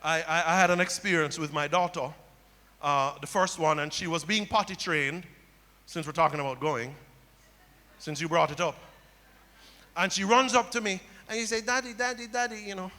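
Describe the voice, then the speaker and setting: A man's voice: a little high, normal speed, long pauses, bright, forceful tone. A man preaching a sermon as pastor, telling stories and repeating key phrases back to the congregation. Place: church sanctuary. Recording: long hall reverb.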